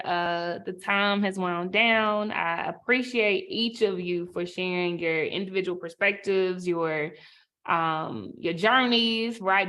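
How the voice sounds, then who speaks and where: A woman moderating a panel over a video call, speaking in an unhurried, affirming way with many fillers. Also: mid-range voice, a bit bright.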